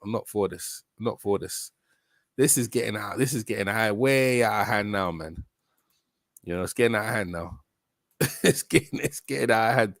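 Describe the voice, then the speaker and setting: A man hosting a boxing live stream in casual chat, excitable and repeating himself often. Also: fairly low pitch, moderate pace, gravelly, dry recording, studio quality. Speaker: boxing livestream host.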